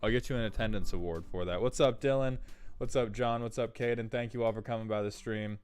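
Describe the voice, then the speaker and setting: A man's voice: fairly low pitch, fairly even intonation, a little fast, a little mellow, smooth, soft background music. A man streaming live, chatting casually and cheerfully greeting viewers by name.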